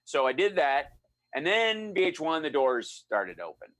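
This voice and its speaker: A middle-aged man telling a story in a relaxed chat, animated and acting out the voices of the people he quotes. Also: a little high, a little slow, no room sound. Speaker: guest storyteller.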